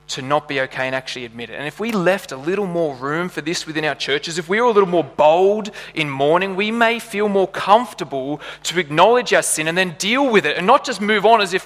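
Male preacher, earnest sermon delivery, bright forceful tone, echoing church-hall sound. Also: high-pitched, lively intonation, brisk, hardly any pauses. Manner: earnest, builds to passionate emphasis. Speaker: pastor.

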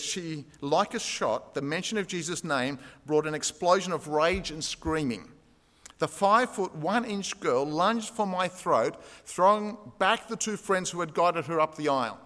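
A man's voice: on the high side, a bit bright. A preacher man in an echoing hall. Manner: storytelling, reads quotes aloud with rising intensity. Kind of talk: sermon. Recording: long hall reverb.

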